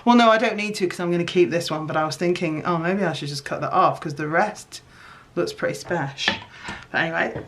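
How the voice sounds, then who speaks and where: A woman chatting casually as she shows her homemade crafts, excitable and self-mocking. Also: lowish voice, fairly quick, a little hiss or hum. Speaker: crafting vlogger. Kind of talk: casual craft chat to camera.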